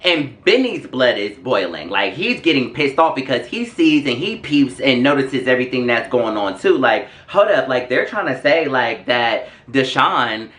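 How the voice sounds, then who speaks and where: A man's voice: medium pitch, normal speed, few pauses. Sassy young man in an echoey room. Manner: animated and sassy. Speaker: vlogger. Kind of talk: get-ready-with-me storytime while doing makeup.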